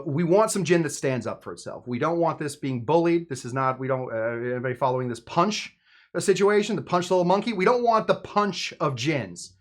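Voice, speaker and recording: A man makes drinks at home and talks the whole time, loose and joking. He rambles, stacks up fillers and restarts, and his pitch sits in an ordinary middle range. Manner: rambling, jokey, chatty, with many fillers. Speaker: home bartender host. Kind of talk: casual cocktail-making video with live chat.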